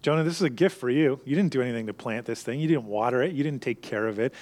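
A man's voice: mid-range voice, fast talker, a little mellow. A man preaching a sermon to his congregation, earnest and conversational, explaining a passage and pressing its point. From Canada. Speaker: pastor. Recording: reverberant hall.

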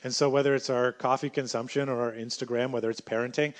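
A man preaching a sermon in an animated way, acting out everyday scenes as he talks. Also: mid-range voice, quick pace.

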